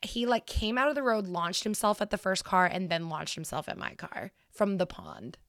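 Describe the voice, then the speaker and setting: A woman in her twenties, a podcast co-host, telling a story in a casual, animated and heavily profane way. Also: medium pitch, moderate pace, hardly any pauses, no echo, studio quality.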